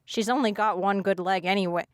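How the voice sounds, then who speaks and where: A woman voices a cold teenage bully in a storybook who barks orders and sneers at everyone around her. Her voice is smooth and dry. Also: mid-range voice, steady tone, brisk, no room sound, natural voice. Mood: sneering. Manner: sneering, commanding. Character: bullying teen girl, cold and bossy.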